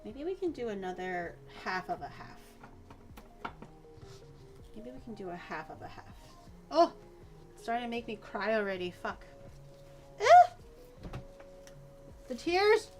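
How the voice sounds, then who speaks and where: A woman's voice: mid-range voice, expressive, normal speed, long pauses, faint music behind. A woman streaming herself cooking in a home kitchen, chatting casually, rambling through explanations and swearing now and then.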